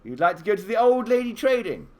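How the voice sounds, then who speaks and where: Animated male game master. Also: high-pitched, fast talker. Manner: animated storytelling, offering choices. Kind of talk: narrating a live tabletop adventure game for kids.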